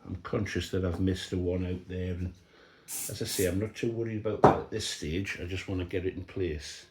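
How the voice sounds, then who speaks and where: A man talking through a model build, relaxed and thinking aloud as he explains each step. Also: low-pitched, brisk, slight background noise. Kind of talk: workshop build commentary. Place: hobby workshop bench. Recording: roomy workshop echo.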